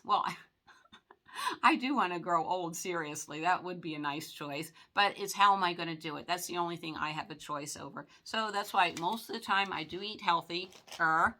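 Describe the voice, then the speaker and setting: A woman in her sixties talks to her viewers in a loose, folksy ramble, full of "uh"s and side trails. Her voice sits a little low but has a bright, forward tone. She sounds like she is catching up with old friends. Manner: rambling, folksy, many filler words. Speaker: vlog host. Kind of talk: casual chat to viewers.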